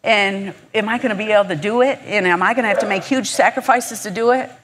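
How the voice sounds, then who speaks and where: A woman's voice: mid-range voice, quick pace, noisy background. A woman from Michigan giving a heartfelt, encouraging inspirational faith talk at a conference, speaking conversationally. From Michigan, USA.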